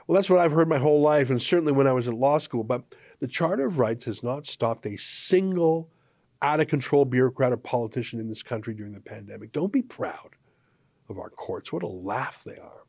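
Male commentary host from Canada, sarcastic and mocking, animated pitch, dry close sound. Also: fairly quick, no room sound. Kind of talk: opinion commentary monologue.

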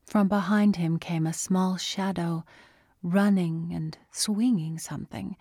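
Audiobook narrator: a woman with a low, gravelly voice, reading slowly and quietly. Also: steady tone, dry recording, clean studio sound. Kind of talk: scripted narration.

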